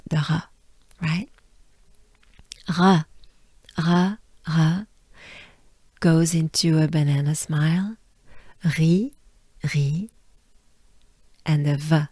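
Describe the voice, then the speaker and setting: A native French woman with a French accent leads a pronunciation drill. She speaks very slowly and repeats each sound patiently, coaching the listener to say it with her. Her voice is recorded dry, with no room sound. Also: fairly low pitch, mellow, dry recording. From France. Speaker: pronunciation teacher.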